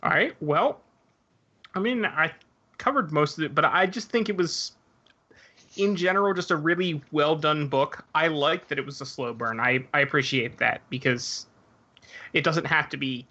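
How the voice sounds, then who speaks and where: Bright-voiced man, podcast guest. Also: on the high side, moderate pace, lo-fi sound. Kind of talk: casual podcast chat.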